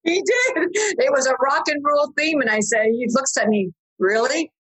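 A woman's voice: sits high, sing-song, normal speed, a bit bright, poor audio. A woman chatting as a guest, upbeat, laughing often and acting out the dialogue in her stories. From Canada. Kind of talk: casual chat.

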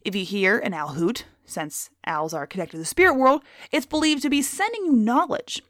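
A woman's voice: fairly high pitch, normal speed, a bit bright, no room sound, studio quality. A woman and former zookeeper giving a crude, sarcastic comedic monologue.

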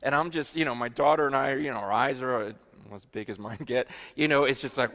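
Animated middle-aged American preacher man. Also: medium pitch, brisk, hardly any pauses. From United States. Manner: animated, acts out quoted voices, repeats words. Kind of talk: storytelling sermon.

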